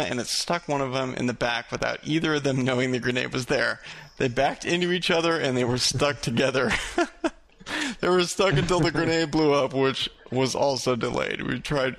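Gravelly, laughing male podcast host. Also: mid-range voice. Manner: laughs often, animated storytelling. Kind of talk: casual podcast chat reading listener stories.

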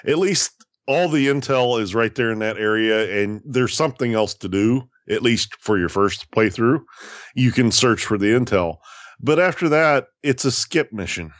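A man's voice: mid-range voice, lively intonation, normal speed, no room sound, studio quality. A man co-hosting a casual gaming podcast, explaining things step by step in a loose way with frequent restarts. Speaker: podcast co-host.

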